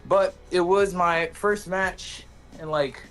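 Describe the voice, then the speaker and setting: A man's voice: sits high, steady tone, slow pace, fairly bright tone. A man being interviewed about a match, talking in a laid-back, rambling way and swearing now and then. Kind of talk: casual chat.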